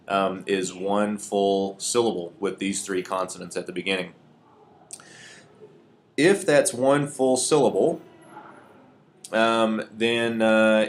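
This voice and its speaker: Patient man teaching at a whiteboard. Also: fairly low pitch. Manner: patient, explanatory, with frequent ums and uhs. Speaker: Hebrew teacher. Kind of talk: recorded classroom lecture at a whiteboard.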